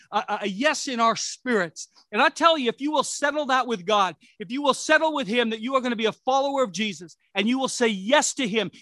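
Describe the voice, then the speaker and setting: A man's voice: extremely high pitch, sharp tone, dry recording. A middle-aged man preaching a sermon as pastor, conversational and rambling, with restarts and asides.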